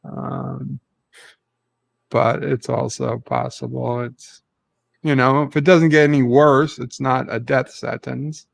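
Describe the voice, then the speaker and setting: A man hosting a casual livestream chat, speaking in a halting way with many fillers and pauses. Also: mid-range voice, steady tone, vocal fry. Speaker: livestream host.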